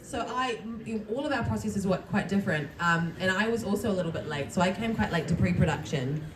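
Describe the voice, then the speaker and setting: Soft-spoken woman telling a panel story. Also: medium pitch, a little fast, noisy background. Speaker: panel guest actor. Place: convention panel room. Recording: distant mic with crowd.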